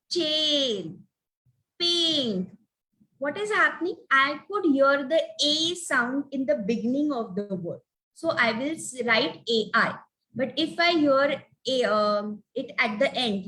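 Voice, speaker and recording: A woman teaching spelling rules in an online webinar, slowly sounding out letters and example words. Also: a little high, a bit bright, poor audio. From India. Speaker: phonics teacher. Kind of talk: webinar lesson.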